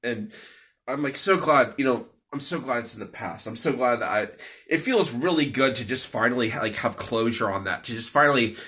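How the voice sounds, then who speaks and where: A man's voice: mid-range voice, normal speed, sharp tone. A young man giving an off-the-cuff personal update at home, rambling with many fillers and restarts. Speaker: vlogger.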